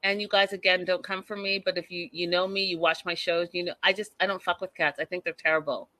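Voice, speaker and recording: Blunt, bright-voiced woman host. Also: lowish voice, fairly even intonation, quick pace. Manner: blunt, profane and emphatic. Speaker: show host. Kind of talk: casual chat reacting to a reality show.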